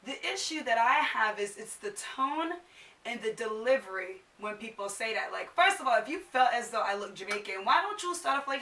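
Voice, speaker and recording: Young woman vlogger from New Jersey, exasperated casual rant, sharp bright voice, mic a little far off. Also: on the high side, normal speed, slight background noise. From New Jersey, USA. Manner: animated, exasperated, acts out other people's questions. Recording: echoey room, voice a little off-mic.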